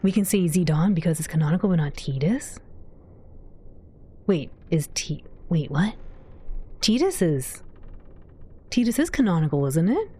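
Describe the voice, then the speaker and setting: A woman's voice: lowish voice, big pitch swings, measured pace, pauses often, dark tone, husky. A woman livestreamer chatting casually with her viewers as she plays, giggling often and reading their messages aloud. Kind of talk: casual game commentary to chat.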